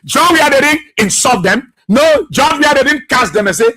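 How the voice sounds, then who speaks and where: A man's voice: very high voice, lively intonation, moderate pace, pushed and bright. A man with a Liberian English accent, hosting a radio talk show and delivering impassioned, repetitive political commentary.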